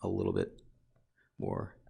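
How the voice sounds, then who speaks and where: A man's voice: measured pace, dark tone. A man teaching a recorded calculus lesson, talking through a graph as he draws and often correcting himself mid-sentence. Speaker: math teacher.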